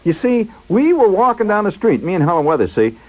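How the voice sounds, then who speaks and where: A man voicing an excitable young male friend who rushes eagerly to tell a story, in a higher voice than his own, heard through a muffled old radio broadcast. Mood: excited.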